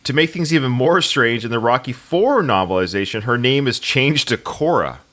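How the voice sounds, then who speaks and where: A man's voice: mid-range voice, lively intonation, moderate pace, a bit bright. A man co-hosting a film podcast, chatting casually and joking about trivia. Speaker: podcast co-host.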